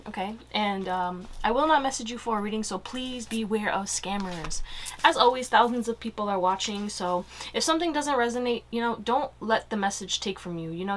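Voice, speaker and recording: A woman's voice: on the high side, background noise. Chatty woman giving a tarot reading. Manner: chatty, laughs often, slangy asides. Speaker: tarot reader. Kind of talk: casual pick-a-card tarot reading.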